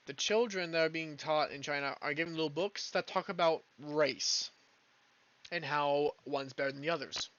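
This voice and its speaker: Male streamer, casual, swears a lot, drifts off mid-sentence, higher voice, muffled cheap-mic sound. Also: bright, forceful tone. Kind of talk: casual rant while gaming.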